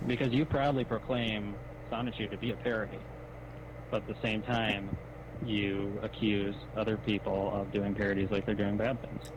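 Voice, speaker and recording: Low-voiced man questioning patiently, noisy call. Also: little pitch movement, normal speed, muffled recording. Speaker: caller. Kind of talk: recorded phone-call conversation.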